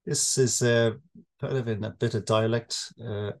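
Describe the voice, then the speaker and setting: A man reading his poetry aloud at a live event, slow and measured. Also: mid-range voice, steady tone. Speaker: poet.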